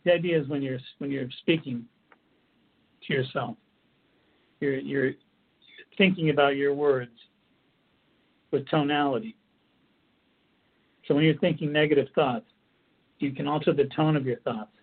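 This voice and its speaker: Earnest husky man on tinny audio. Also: mid-range voice, fairly even intonation, unhurried, long pauses. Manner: earnest, repetitive, restarts phrases while explaining. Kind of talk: instructional talk.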